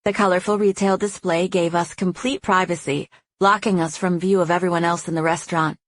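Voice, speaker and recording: A woman's voice: fairly low pitch, steady tone, a little fast, dry recording. Woman narrating a first-person romance audiobook.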